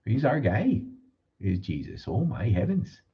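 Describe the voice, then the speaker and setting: A man's voice: lowish voice, wildly swooping pitch, measured pace, lo-fi sound, pitched above the performer's own voice. A man voicing a cheery churchgoing small-town local with a put-on Upper Midwest accent, in a folksy sing-song way. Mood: gushing.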